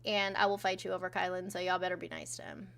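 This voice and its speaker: A woman's voice: on the low side, fairly even intonation, fast talker, creaky, fairly bright tone. A woman co-hosting a casual livestream, talking offhandedly with frequent swearing and reading out viewer messages. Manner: profane, offhand, reads out chat messages. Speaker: co-host.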